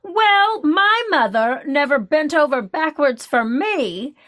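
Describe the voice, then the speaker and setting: A woman putting on her older mother's voice, drawn-out and complaining. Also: high-pitched, animated, bright, forceful tone, voice pushed up, heavily acted. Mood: defensive. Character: older mother, defensive and put-upon.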